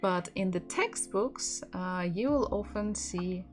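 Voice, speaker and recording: A woman's voice: medium pitch, animated, slow pace, soft background music. A woman teaching a language lesson in English, explaining patiently with restarts and little laughs. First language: Russian.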